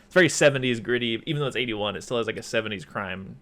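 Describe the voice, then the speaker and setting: A man's voice: medium pitch, racing, bright, forceful tone. A young man hosting a casual podcast chat about movies, rambling through scenes and acting out the lines. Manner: rambling retelling with acted-out quotes. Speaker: podcast host.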